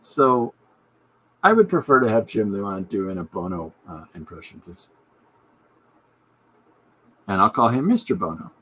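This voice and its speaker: A man with a fairly low voice who rambles through jokey asides as a podcast host. He chats casually while drawing, with a faint hiss behind him. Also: expressive, unhurried, long pauses, bright, forceful tone. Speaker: podcast host and comic artist.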